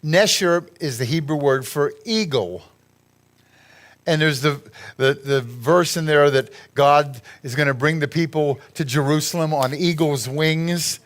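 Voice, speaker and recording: A man speaks to a church group in a fairly high voice, telling loose, rambling stories as he clicks through a slideshow. He laughs at his own jokes and talks in an easy, conversational way. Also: measured pace. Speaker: guest speaker at a church gathering. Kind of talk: anecdotal talk over a slideshow.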